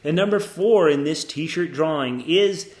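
A man's voice: a little high, unhurried. A man co-hosting a casual comedy podcast, joking around as he reads out listener reviews. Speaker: podcast co-host. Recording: roomy echo.

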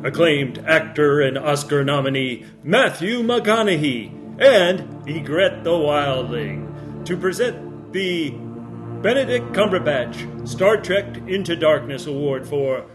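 A man's voice: fairly high pitch, animated, slow pace, over music. A man announcing a mock awards show in a mock-grand presenter's voice. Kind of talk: comedy awards parody.

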